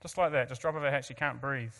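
A man's voice: medium pitch, steady tone, quick pace, a bit bright, in a large hall. A man from New Zealand with a New Zealand accent, earnestly telling an audience his personal story with self-mocking asides and frequent restarts. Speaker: guest speaker.

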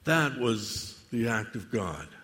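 Slow, theatrical preacher man in a hall. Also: lowish voice, sing-song, sharp tone. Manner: slow, measured, theatrical delivery with long pauses. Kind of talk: dramatic sermon monologue addressed to God.

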